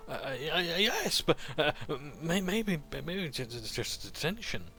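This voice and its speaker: A man's voice: on the high side, sing-song, a little slow, pushed and bright, faint music behind, voice pushed up, exaggerated voice. A man voicing a timid young boy who stammers nervously. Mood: nervous stammering. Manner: stammering, frightened.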